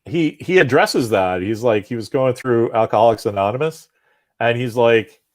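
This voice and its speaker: A man's voice: medium pitch, moderate pace. Guy rambling on as a guest, mid voice, lots of "right?". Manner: talkative, animated, tags "right?". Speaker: guest, comics creator. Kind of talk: casual conversation.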